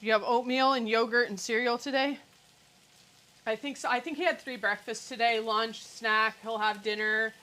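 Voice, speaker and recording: Woman doing a live cooking stream at home, bright tense voice, jokey and sarcastic. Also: a little high, fairly even intonation, normal speed, poor audio. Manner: chatty, joking, sarcastic asides. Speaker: cooking livestream host. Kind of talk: casual live cooking chat. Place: home kitchen.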